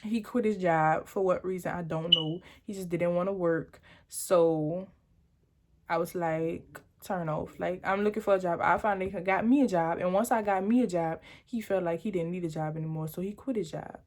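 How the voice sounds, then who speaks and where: A woman's voice: lowish voice, normal speed. A young adult woman telling a personal story on her vlog in a chatty, rambling, dramatic way. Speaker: vlogger.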